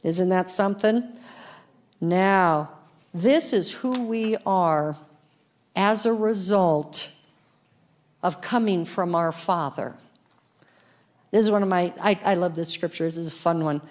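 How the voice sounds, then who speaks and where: A woman pastor preaching a sermon, laughing often and reading scripture slowly with emphasis. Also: on the low side, a little mellow.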